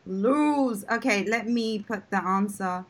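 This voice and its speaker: A woman with a somewhat high voice running a live-streamed English lesson, quizzing her guest. She is encouraging and breaks into laughter often. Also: a little slow, fairly bright tone. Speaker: English teacher, host.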